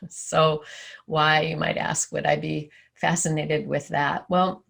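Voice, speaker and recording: Slow, gravelly-voiced woman teacher. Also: low-pitched. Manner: calm storytelling. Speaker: spiritual teacher. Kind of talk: sermon.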